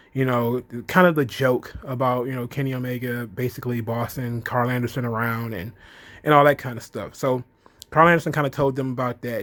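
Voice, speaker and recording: A man's voice: medium pitch, fairly bright tone. A man giving a loose, rambling casual recap, filling his talk with "you know" and "kinda". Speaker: wrestling show reviewer.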